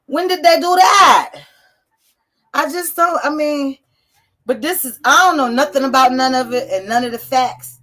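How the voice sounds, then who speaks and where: A woman's voice: a little high, a bit bright. A woman hosting a casual livestream, rambling and swearing freely as she answers her viewers' chat. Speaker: livestream host.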